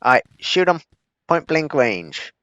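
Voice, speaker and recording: A man talks through a strategy game in an unhurried, chuckling way, teasing himself as he goes. His voice is mid-pitched but lively, rising and falling a lot. The recording sounds dry and slightly dull. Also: no echo. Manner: laid-back, chuckling, self-deprecating. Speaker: gaming streamer. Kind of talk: strategy gameplay commentary.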